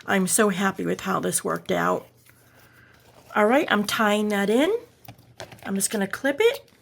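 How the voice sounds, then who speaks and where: A woman hosts a casual craft tutorial, chatting enthusiastically and narrating each step as she demonstrates it. Her medium-pitched voice is creaky with lively intonation, at a measured pace. There's a little hiss or hum.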